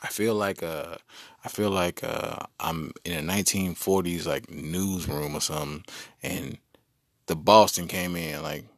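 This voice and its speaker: A man's voice: sits low, a little slow, gravelly, dry recording, clean studio sound. A man hosting a solo comedy podcast, riffing playfully and talking straight to his listeners. He is a parent with a daughter. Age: adult parent. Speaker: podcast host.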